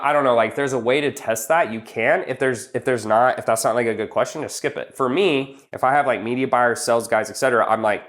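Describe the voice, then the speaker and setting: A man's voice: medium pitch, quick pace, few pauses, a bit bright. A man giving casual business advice as a coach, blunt and emphatic, swearing freely and calling the listener "bro" while he walks through numbered steps.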